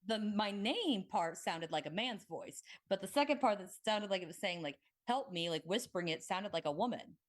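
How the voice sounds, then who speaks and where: Young woman podcast host, casual, excitable, rambling storyteller. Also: medium pitch, normal speed, hardly any pauses.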